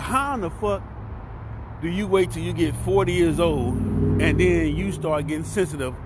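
A fifty-one-year-old man with a Southern US accent, talking straight to the camera in a loose, profane rant. His voice sits a little high for a man. He swings from bursts of shouting down to low mumbles, with faint street and traffic noise around him. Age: 50s. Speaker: vlogger and podcast host. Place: cheap hotel room near train tracks.

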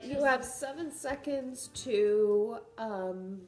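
A mother playing teasing party games with her daughter at home, counting down slowly. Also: a little high, reverberant. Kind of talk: playful game chat at home. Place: home, indoors.

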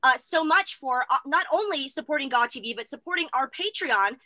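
A woman's voice: high-pitched, animated, bright, forceful tone, dry recording. A woman co-hosting a casual talk show, bubbly and chatty, calling herself the crier of the group. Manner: bubbly, chatty, quick to tears. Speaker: co-host. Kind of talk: casual chat.

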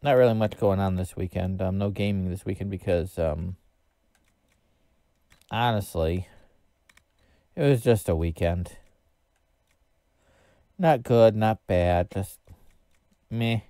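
A man streams a game and chats to his viewers in a low, mellow voice. He rambles and thinks aloud, filling pauses with ums. The sound is close and dry, with no room around it. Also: clear, resonant tone, dry recording. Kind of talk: casual gameplay commentary.

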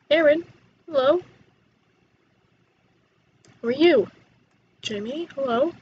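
A young woman chatting excitedly while playing a life-sim game, quick to gasp and exclaim. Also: fairly high pitch, lo-fi sound, a little hiss or hum. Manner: excitable, chatty, gasps and laughs. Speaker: gaming YouTuber. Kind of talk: let's play commentary.

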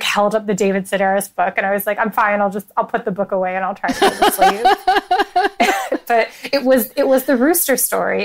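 A woman guest on a podcast, chatting casually about books and breaking into giggles as she tells stories. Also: on the high side. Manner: giggly, animated storyteller. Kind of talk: casual chat.

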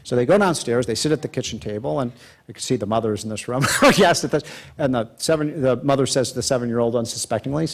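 A man's voice: medium pitch, fast, creaky. A man giving a public speech who rambles through an anecdote, filled with "you know" and restarts. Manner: folksy, rambling, many fillers. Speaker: guest speaker.

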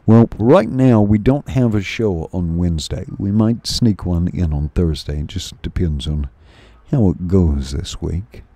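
A man reading a novel aloud as the host of a story stream, with unhurried, expressive narration. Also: low voice, no echo.

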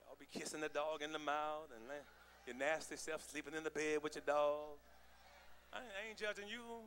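A man pastor preaching a sermon, joking with the congregation and building to shouted calls. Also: on the high side, moderate pace, slight background noise. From United States. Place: church sanctuary with congregation.

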